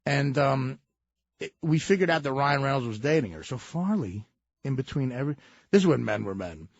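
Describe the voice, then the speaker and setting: A man telling casual, animated anecdotes, often breaking into laughter as he talks. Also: medium pitch, brisk, gravelly, dry recording. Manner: animated, laughing storyteller, full of fillers. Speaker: storyteller, guest. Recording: dull lo-fi sound.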